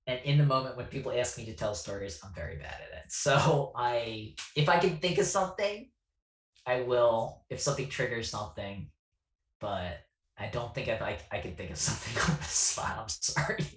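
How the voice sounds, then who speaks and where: Animated man, echoey and off-mic. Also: mid-range voice, normal speed. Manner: self-deprecating, animated storyteller. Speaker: guest. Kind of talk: casual storytelling chat. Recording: echoey room, distant from mic.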